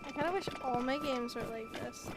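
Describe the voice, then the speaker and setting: Loud music and game sounds, horse hooves among them, play behind a high-voiced woman talking fairly quickly. Seated at home, she streams her gameplay with casual live commentary, describing what she does and laughing a lot.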